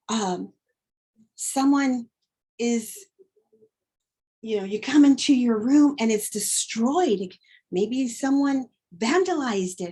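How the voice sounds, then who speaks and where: Slow, expressive woman teacher. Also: a little high, husky. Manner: expressive, acts out emotions in examples, slow deliberate delivery. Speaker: teacher modeling a lesson. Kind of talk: teacher demonstration.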